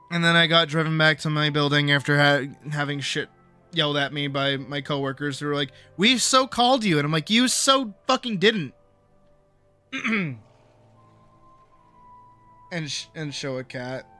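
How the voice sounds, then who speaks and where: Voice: medium pitch, steady tone, a little slow, pauses often, sharp tone, clear, resonant tone, soft background music. A young adult streamer telling a work story in casual chat, swearing freely and acting out quoted voices.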